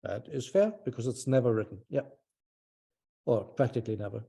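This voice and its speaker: A man's voice: medium pitch, fairly quick, vocal fry, warm tone, slightly rough. A man teaching a small language class over a video call, patient and encouraging, thinking aloud with fillers.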